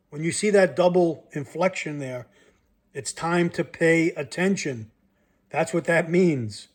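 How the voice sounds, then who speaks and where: A man with a somewhat high-pitched voice reads scripture aloud, line by line. Between passages he stops to comment and press his listeners directly, in the manner of a sermon. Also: unhurried. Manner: reads verses aloud, then breaks off to comment and challenge listeners. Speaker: Bible teacher.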